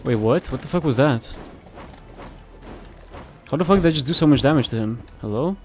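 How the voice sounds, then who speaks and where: A young man talking over his gameplay in a mid-pitched voice, profane and excitable, cursing at nearly every turn. His reactions jump between loud outbursts and muttered complaints. Faint music plays underneath. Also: normal speed. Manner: profane, excitable, swears constantly and reacts loudly. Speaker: gameplay commentator. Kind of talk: casual gameplay commentary.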